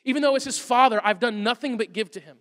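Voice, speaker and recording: Male pastor giving a sermon, funny animated storytelling, bright sharp voice. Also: very high-pitched, fast talker. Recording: long hall reverb.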